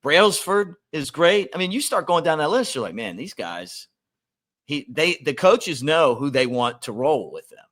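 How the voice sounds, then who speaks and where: A man hosting a casual sports podcast, easygoing and quick to laugh, reading sponsor plugs between chat. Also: fairly high pitch, big pitch swings, fairly bright tone. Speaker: podcast host.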